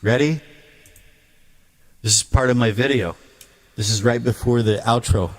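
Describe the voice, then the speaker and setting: A man's voice: medium pitch, measured pace. A man speaking a blunt, emphatic ranting monologue to his viewer as a video creator.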